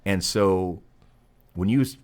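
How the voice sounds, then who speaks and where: A man's voice: deep voice, takes it slowly. A middle-aged man telling a casual, profane military anecdote as a podcast guest. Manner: profane, animated anecdote teller. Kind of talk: casual storytelling.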